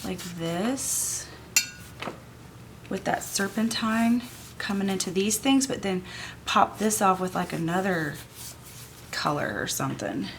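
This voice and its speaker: Speaking slowly with frequent pauses, a woman at medium pitch walks through an art journaling technique from home, sniffling as she goes. Her chatty, gushing craft tutorial has a little hiss or hum on the recording.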